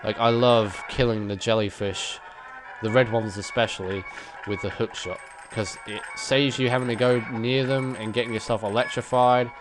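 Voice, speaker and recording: A man's voice: mid-range voice, steady tone, moderate pace, poor audio. A man casually commenting on his gameplay, chatty and rambling with frequent chuckles, his nose stuffy. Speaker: let's play gamer. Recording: game music playing behind.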